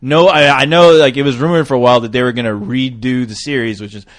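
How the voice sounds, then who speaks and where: A man co-hosting a podcast in casual chat, excitable and profane, often laughing. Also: medium pitch, fast talker. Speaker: podcast co-host.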